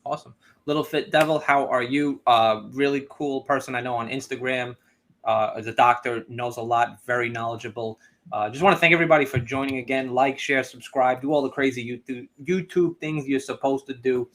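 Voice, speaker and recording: A man's voice: medium pitch, steady tone, a little fast, fairly bright tone. A man hosting a casual live-stream interview, chatty and loose, with many "like" and "um" fillers. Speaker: host.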